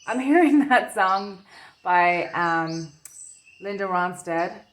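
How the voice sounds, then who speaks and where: Slow, dreamy woman reading tarot. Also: mid-range voice, lively intonation. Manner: slow, dreamy, gushing with wonder. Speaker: tarot reader.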